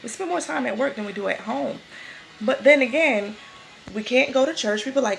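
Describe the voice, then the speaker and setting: A woman's voice: sits high, expressive, fairly quick, vocal fry, low-quality recording. A woman giving a casual spoken devotional, talking in a conversational way that repeats and restarts phrases. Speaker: vlogger giving a faith talk.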